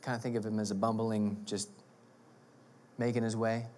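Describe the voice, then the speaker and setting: A male pastor who preaches an animated, emphatic sermon and often repeats words. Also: lowish voice, moderate pace, slight background noise.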